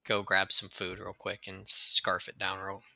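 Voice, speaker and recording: A man playing a tabletop game, talking in a slow, laid-back, casual way. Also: deep voice, monotone, gravelly, sharp tone, dry recording. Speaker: player.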